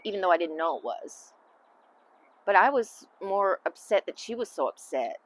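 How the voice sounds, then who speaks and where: A middle-aged woman, answering interview questions as a mother in a candid, halting, emotional way. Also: mid-range voice, animated. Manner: candid, halting, emotional, trailing off into soft asides. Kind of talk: casual family interview.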